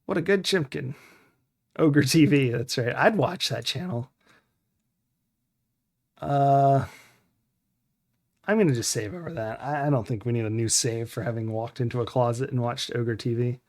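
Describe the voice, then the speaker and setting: A man's voice: mid-range voice, moderate pace, pauses often. A young adult man casually commenting on a retro adventure game as he plays, dryly muttering to himself and reading the game's text aloud. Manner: wry, deadpan self-talk with mock-dramatic readings.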